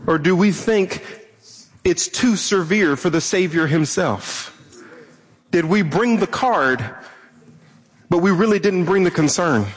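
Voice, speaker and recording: A young man preaches a sermon in a church sanctuary, his voice unusually high. He grows impassioned and sometimes acts out frustrated pleas to God. A long hall reverb trails each phrase. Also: takes it slowly, long pauses. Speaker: pastor.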